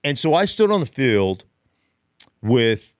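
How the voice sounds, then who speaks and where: A man's voice: medium pitch, slow pace, smooth, no room sound, clean studio sound. A middle-aged man hosting a casual sports podcast, telling stories with emphatic repetition. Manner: animated storyteller, emphatic repetition. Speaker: podcast host, former player and analyst.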